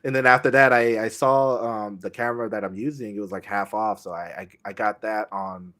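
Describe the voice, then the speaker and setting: A young man chatting casually as a guest on a streaming podcast, speaking haltingly with many pauses and restarts. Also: lowish voice, steady tone. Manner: halting, many fillers and restarts, soft-spoken.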